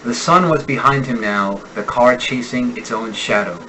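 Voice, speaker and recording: American guy teaching accent reduction, reads sample words nice and slow, faint hiss behind. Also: medium pitch, pushed and bright, rough recording. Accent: General American. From United States. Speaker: accent instructor. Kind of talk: reading example sentences in a pronunciation lesson.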